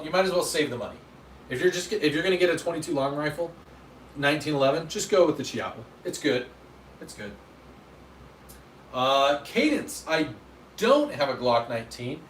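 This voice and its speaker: A man's voice: mid-range voice, a bit bright. A man chats casually on his livestream, rambling and poking fun at himself as he answers viewers. His voice sits in the middle range. He sounds slightly distant in an echoey room, with faint background noise. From Utah, USA. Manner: rambling, self-deprecating, answers chat. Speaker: livestream host. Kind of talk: casual livestream chat reading comments.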